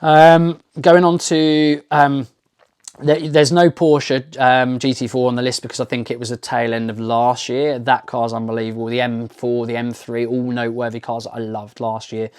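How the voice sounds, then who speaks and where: A man's voice: medium pitch, little pitch movement, normal speed, a little mellow, clean tone. A man hosting a car review channel, talking to camera in a casual, enthusiastic, rambling way with lots of ums and restarts. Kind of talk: casual unscripted talk to camera.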